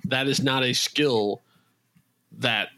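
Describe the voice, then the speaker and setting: A man hosts a casual behind-the-scenes chat for his audio drama podcast. His voice is bright and forward, and he rambles along with frequent restarts and fillers. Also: medium pitch, fairly even intonation, slow pace. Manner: chatty, rambling with many restarts. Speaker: podcast creator and host.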